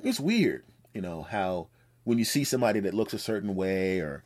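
A man with a fairly low voice talks alone on his podcast, spinning a story in a loose, rambling way. He jokes, swears and slips into little acted-out quotes of other people. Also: big pitch swings, moderate pace, darkish tone. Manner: rambling storytelling, acts out quotes, profane and joking. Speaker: podcast host. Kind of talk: casual monologue.

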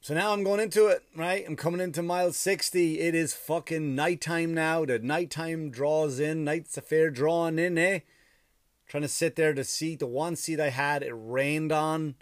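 A man's voice: on the high side, fairly even intonation, normal speed, no room sound, clean studio sound. A tired man, a comedian, telling a story in a casual, profane, ranting monologue.

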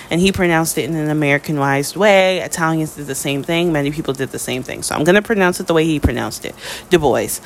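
An American woman delivering a spoken opinion monologue, emphatic, with her pitch rising on key points. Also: a little hiss or hum. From United States.

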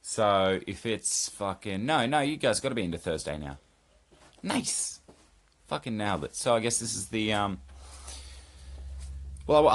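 Here a podcast host with a deep voice does an unscripted solo check-in from his home. His talk rambles, is full of swearing and self-deprecating humor, and gets interrupted when he tells off his cat.

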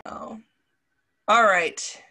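Woman hosting a podcast, bright forceful voice, giggly and self-conscious when she reads lines aloud. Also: medium pitch, very slow, vocal fry. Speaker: podcast host. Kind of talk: casual podcast chat reading out quiz quotes.

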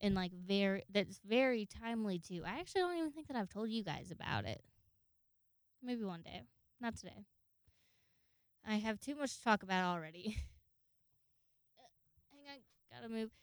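A woman's voice: medium pitch, animated, normal speed, pauses often, clean tone, dry recording. A young woman casually telling stories to her viewers, chatty and profane, laughing often. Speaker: vlogger. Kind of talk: casual storytelling to camera.

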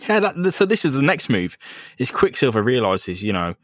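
A man's voice: medium pitch, big pitch swings, fairly quick, no room sound. A man co-hosting a comic book podcast, laughing as he recaps the story into a close microphone. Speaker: podcast co-host. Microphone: close studio mic.

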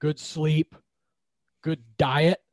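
A man in casual conversation, speaking in a measured, reflective way. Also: a little high, little pitch movement, darkish tone, dry recording, low-quality recording.

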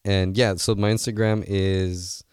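A man in his late twenties talks through his thoughts in a relaxed interview, his voice sitting on the low side. He rambles earnestly, restarting sentences and filling pauses as he goes. The sound is dry and close, with almost no room echo. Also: smooth. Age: 20s. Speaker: guest, seminar organizer. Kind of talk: casual interview talk.

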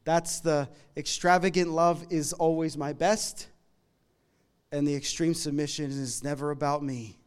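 A middle-aged man preaching a sermon in a conversational, humorous way, moving between loud emphatic lines and quiet asides. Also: a little high, steady tone, measured pace, clean tone. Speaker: pastor.

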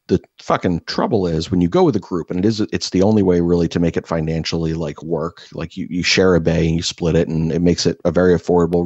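A man's voice: low voice, darkish tone, slightly rough, no echo, lo-fi sound. A man co-hosting a podcast, telling crude stories in casual chat and cursing freely. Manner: crude, joking storyteller who curses freely. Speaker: podcast co-host.

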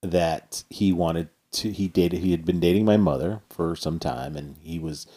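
A man's voice: deep voice, moderate pace, dark tone. A man co-hosting a podcast, telling a family story in a rambling way with many fillers. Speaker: podcast co-host. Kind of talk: casual anecdote telling.

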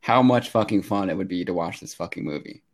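A man's voice: low voice, a little fast. A man co-hosting a podcast, joking along and laughing as he makes an enthusiastic case. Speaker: podcast co-host. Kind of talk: casual podcast banter.

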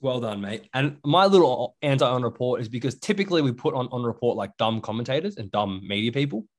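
A man's voice: medium pitch, expressive, fast. A young Australian man co-hosting a podcast in casual chat, rambling with lots of fillers. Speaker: podcast co-host.

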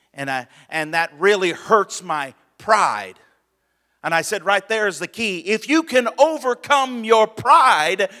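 A male pastor preaching a sermon in a relaxed, conversational way, asking for amens and chuckling with his congregation. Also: mid-range voice. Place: church sanctuary. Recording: long church hall reverb.

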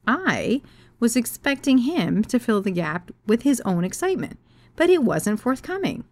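A woman author reading her own story aloud, frank and expressive, swearing freely. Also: fairly high pitch, moderate pace, no room sound. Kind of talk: storytelling reading of memoir and novel.

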